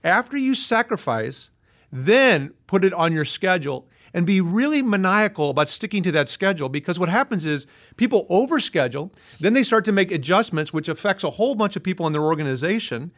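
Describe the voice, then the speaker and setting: A man with a notably high-pitched voice answers interview questions as a management consultant. He explains earnestly and lays his points out one by one. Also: very animated, fairly quick, a bit bright. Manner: earnest, list-driven explaining.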